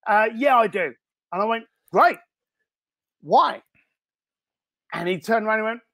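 A high-pitched Australian man telling a story as a podcast guest. He is animated and slips into the voices of the people he describes. The sound is close and dry. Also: unhurried, vocal fry, long pauses, no room sound. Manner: animated, acts out the callers' voices. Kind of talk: storytelling in conversation.

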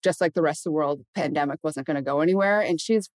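A woman's voice: low-pitched, fast, darkish tone, no room sound. A woman in her thirties from Michigan, telling personal stories candidly in an interview and swearing casually. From Michigan, USA. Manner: candid, swears casually, acts out quoted voices. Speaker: guest.

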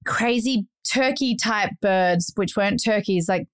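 A woman, hosting a podcast and telling stories in animated casual chat, laughing often and acting out voices. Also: mid-range voice, measured pace, clean tone, no room sound, clean studio sound. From Australia. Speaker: podcast host.

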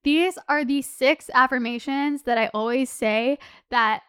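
A young woman in her twenties with a high, smooth, clear voice, hosting her own podcast in loose, chatty talk. She gets heated and passionate, fills her sentences with "like" and swears casually. The sound is close and dry, with no room echo. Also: a little slow, a bit bright. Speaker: podcast host. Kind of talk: casual solo podcast chat.

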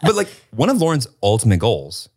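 Husky and medium in pitch, this late-twenties podcast host talks a little fast in a relaxed chat. He's an animated storyteller who acts out the quotes and swears casually.

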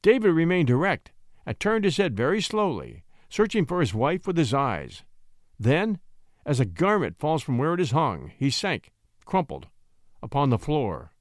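A man narrating a classic short story in an expressive, theatrical reading. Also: fairly high pitch, normal speed, no echo, studio quality. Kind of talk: dramatic audiobook reading.

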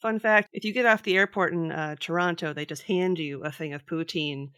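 Minnesota lady podcast host, playful quick jokes, dry close sound. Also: lowish voice, fairly bright tone, no echo. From Minnesota, United States. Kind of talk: casual chat.

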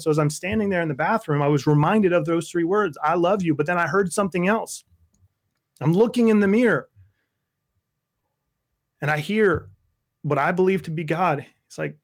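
A man sharing his personal story in an interview, earnest and intense, dropping to a soft low voice and then building to emphatic outbursts. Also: normal speed, long pauses. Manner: intense, voice drops low and soft in tender moments.

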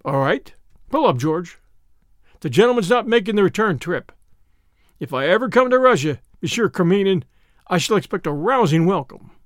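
A man reads the part of a bold young American in a storybook reading, breezy and slangy with an American drawl. The voice sits high and swings lively up and down. It is recorded close and dry. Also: moderate pace, no room sound. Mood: easy, wry.

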